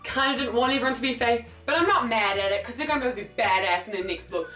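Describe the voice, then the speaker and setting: A young woman chatting in a casual book vlog, excitable and rambling, swearing freely and acting out scenes as she goes. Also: fairly high pitch, quick pace. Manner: excitable, rambling, swears a lot, acts out characters. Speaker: book vlogger. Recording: echoey room, mic at a distance, faint music.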